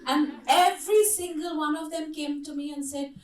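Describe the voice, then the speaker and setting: A high-sitting female voice moves at normal speed with few pauses as a middle-aged workshop speaker shares lively stories and questions her listeners. The interactive talk takes place in a conference hall, heard distantly through an echoing space.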